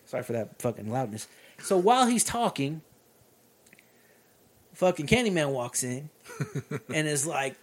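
A man co-hosting a podcast, casually recapping a movie and acting out characters' lines in loud voices. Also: a little high, unhurried, pauses often. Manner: animated, acts out lines in shouted voices. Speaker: podcast co-host.

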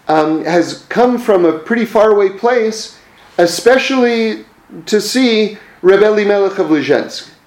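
A man's voice: on the high side, a little mellow, reverberant. A man telling religious teaching stories in a conversational way, with frequent fillers and self-corrections. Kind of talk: storytelling religious lesson.

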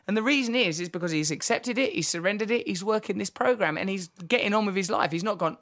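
A man's voice: sits high, animated, quick pace, few pauses, a bit bright. A middle-aged man, hosting a podcast and telling stories in a rambling, impassioned, vivid way. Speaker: podcast host. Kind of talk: conversational storytelling.

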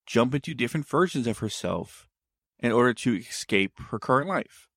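A man's voice: medium pitch, lively intonation, normal speed, a bit bright, no echo, clean studio sound. A man telling a story in casual conversation, meandering and often backtracking to explain himself.

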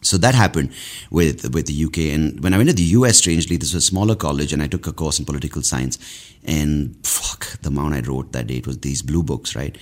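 A man's voice: very deep voice, brisk. A man from India in his thirties, hosting a podcast as a casual, rambling monologue, swearing freely and mocking himself. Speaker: podcast host.

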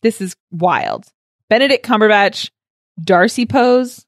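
Enthusiastic young woman, lively voice. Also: mid-range voice, dry recording, clean studio sound. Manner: enthusiastic, quick asides, laughs often. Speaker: podcast co-host. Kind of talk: casual chat.

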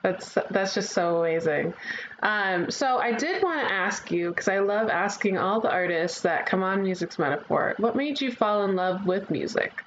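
A woman hosts a casual interview, eager and quick to laugh. Her voice comes through as muffled video call audio with a faint hiss. She keeps the talk moving with lots of friendly interjections. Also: mid-range voice, expressive, fairly bright tone. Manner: enthusiastic, laughs often. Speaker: podcast host.

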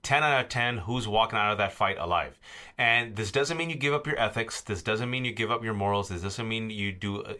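Combative man, lively bright voice. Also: mid-range voice. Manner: combative, rhetorical questions, emphatic. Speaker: guest host, political columnist. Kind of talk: heated political podcast discussion.

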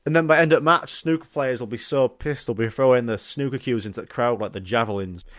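An excitable young man hosts a comedy podcast, swearing freely and laughing at his own jokes. His voice sits at an everyday middle pitch. The sound is close and dry, with no room around it. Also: a little fast, dry recording. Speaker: podcast host. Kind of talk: casual comedic monologue.

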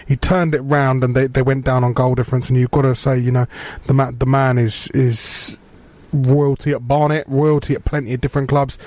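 A man's voice: mid-range voice, level tone, brisk, darkish tone, no room sound. A man hosting a sports radio show, chatting casually and enthusiastically with his studio guests.

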